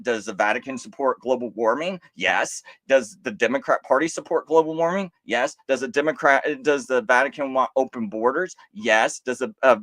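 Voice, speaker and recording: A man's voice: medium pitch, a bit bright, no echo. A man hosting a live stream, giving impassioned commentary full of rhetorical questions, restarts and mocking quoted voices.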